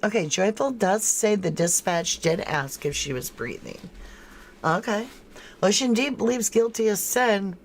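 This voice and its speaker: A woman's voice: mid-range voice, lively intonation, measured pace, a little hiss or hum. A woman hosting a true crime livestream in casual commentary, thinking aloud and answering viewers' chat comments by name with frank disbelief.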